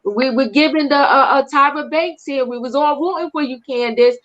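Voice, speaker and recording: An older woman hosting a live-stream reality TV recap, animated and sassy, often tagging her points with "okay?". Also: high-pitched, normal speed. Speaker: show host. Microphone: online live stream. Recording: muffled lo-fi stream audio.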